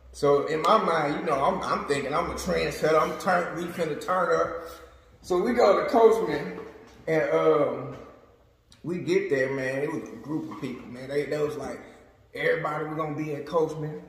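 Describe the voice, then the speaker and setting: Animated man laughing through a story, echoey. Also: fairly high pitch. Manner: animated, laughing a lot, acting out quotes. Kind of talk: casual storytelling. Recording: very echoey room.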